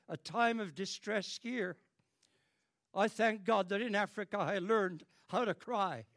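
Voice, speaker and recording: A man's voice: fairly bright tone, no room sound, studio quality. An older British man preaching a fervent sermon, repeating phrases and swelling in emotion. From Britain. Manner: fervent, repetitive, dramatic rises in pitch and volume.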